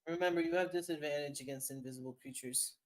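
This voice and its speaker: A woman's voice: low voice, fast, a little hiss or hum. A woman acting as game master, narrating a tabletop game in a rambling way with many restarts. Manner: rambling, lots of fillers and restarts.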